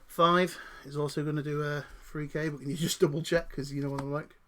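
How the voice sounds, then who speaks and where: A man's voice: a little high, flat delivery, fairly quick, a bit bright. A man playing a tabletop game, calling out his moves and teasing the others. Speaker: player. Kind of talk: casual chat over a tabletop game. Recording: faint background noise.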